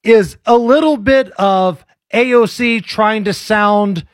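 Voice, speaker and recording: A man hosting a commentary show, mocking fake accents in a casual, animated way. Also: high-pitched, slow, dry recording. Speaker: host.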